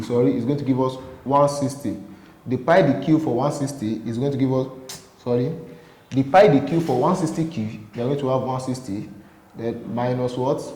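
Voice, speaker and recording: A man's voice: medium pitch, darkish tone. A man teaching an economics lesson, often asking a question and then answering it himself. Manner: asks rhetorical questions and answers them himself. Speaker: economics tutor. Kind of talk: classroom lecture. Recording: echoey room with long reverb.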